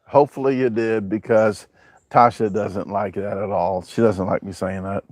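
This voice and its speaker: This man's voice is on the low side, with a steady tone and an unhurried pace, and there's no room sound. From home, he shows his backyard on camera and hosts a casual live chat, joking, rambling and reading viewer comments in a southern-US style.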